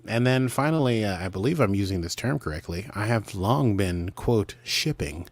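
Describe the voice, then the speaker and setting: A man's voice: lowish voice, expressive, normal speed, dry recording. A man co-hosting a podcast in casual chat, talking in a playful, rambling way with jokey asides. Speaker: podcast co-host.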